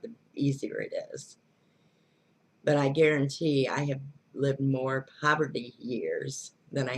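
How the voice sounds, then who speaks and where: A woman giving casual spiritual advice, blunt and earthy, who swears freely and laughs often. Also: a bass voice. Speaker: spiritual teacher.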